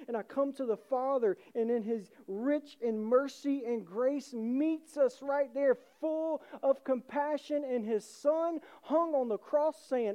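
Passionate preacher with a mellow voice. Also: male voice, very high voice, unhurried, hardly any pauses. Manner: passionate, rising emphatic preaching. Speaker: pastor. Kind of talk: sermon.

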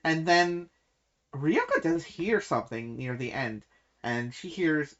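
A woman co-hosting a casual book discussion podcast, talking in animated, quick bursts and laughing often. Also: sits low. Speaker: podcast co-host. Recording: dull lo-fi sound.

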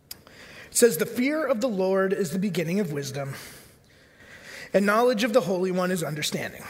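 High-voiced man preaching in a reverberant hall. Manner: conversational preaching with filler words and rhetorical questions. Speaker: pastor. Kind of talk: sermon.

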